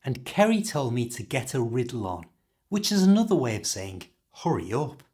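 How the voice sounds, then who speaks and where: British man teaching English phrases, lively pitch. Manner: clear, slow modelling of pronunciation. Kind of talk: explaining phrases to learners.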